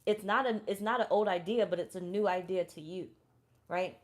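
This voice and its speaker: A woman's voice: mid-range voice, normal speed. Young adult woman tarot reader, blunt, profane, chatty and repetitive. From Florida, USA. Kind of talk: casual tarot reading with personal story.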